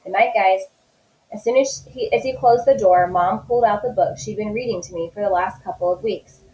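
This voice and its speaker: A woman teacher reading a children's novel aloud in a calm, steady way. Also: mid-range voice, brisk, slight background noise. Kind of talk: read-aloud book narration. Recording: echoey room.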